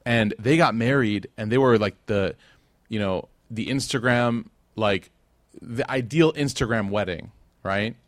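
Animated man giving a religious talk. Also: fairly low pitch, unhurried, no room sound, studio quality. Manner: conversational and joking, with animated quoted voices. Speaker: lecturer. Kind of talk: lively religious lecture with stories.

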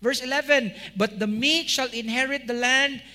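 A male pastor preaching a sermon, asking rhetorical questions and swinging between loud emphasis and quiet, low endings. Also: steady tone, moderate pace. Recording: long hall reverb.

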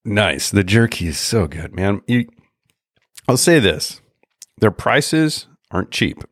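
A man co-hosting a podcast, chatting casually in a rambling, halting way with lots of pauses. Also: fairly low pitch, big pitch swings, dry recording, clean studio sound. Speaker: podcast co-host. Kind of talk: casual chat.

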